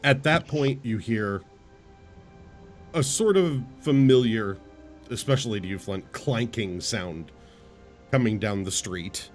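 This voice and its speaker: A man's voice: lowish voice, slow, pauses often, soft background music. A man narrating as game master, describing the scene in short clipped phrases.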